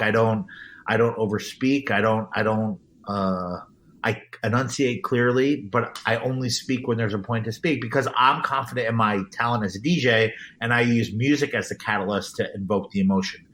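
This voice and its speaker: In a casual interview, a man who works as an event DJ speaks earnestly and emphatically, often restarting his sentences. His voice is lowish with a fairly bright tone, and there's a little hiss or hum.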